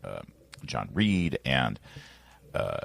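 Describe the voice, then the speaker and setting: A man's voice: very deep voice, very animated, drawn-out words, vocal fry, a bit bright. A man hosting a political talk radio show, arguing emphatically with rhetorical questions. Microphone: studio microphone.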